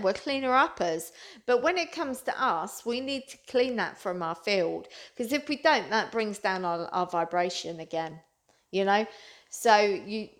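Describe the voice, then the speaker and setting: Earnest rambling woman. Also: mid-range voice. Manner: earnest, rambling, repeats herself. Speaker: spiritual vlogger. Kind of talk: casual spiritual talk to viewers.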